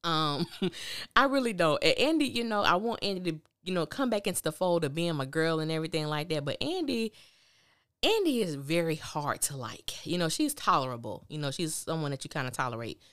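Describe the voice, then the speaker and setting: A woman's voice: sits low, big pitch swings, brisk, a bit bright, no room sound, studio quality. A woman hosting a podcast, recapping a TV drama in candid, opinionated casual talk and acting out the characters' lines. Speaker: podcast host reviewing a TV drama.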